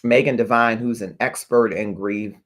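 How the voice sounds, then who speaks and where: A man's voice: lowish voice, fairly even intonation, normal speed. A man hosting a talk show, speaking earnestly and reflectively to his viewers and checking in with them. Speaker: host of a talk show on grief. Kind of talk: heartfelt livestream talk to viewers.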